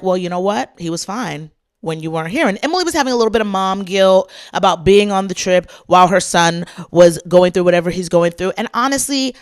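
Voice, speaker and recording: Woman host dishing gossip, sassy and chatty, mid pitch. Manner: sassy, animated, chatty with fillers. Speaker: podcast host. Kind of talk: casual chat commentary.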